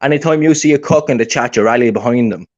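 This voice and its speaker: A man of middle pitch on a call, taunting and boasting in loose, rambling trash talk. His voice comes through dull and lo-fi. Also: fast talker, a little mellow. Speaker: caller on a livestream. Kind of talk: heated trash-talk banter.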